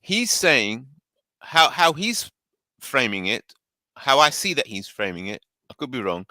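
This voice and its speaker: A man hosting a casual panel discussion, animated and laughing often as he acts out voices while he paraphrases. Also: mid-range voice, measured pace, no room sound, rough recording.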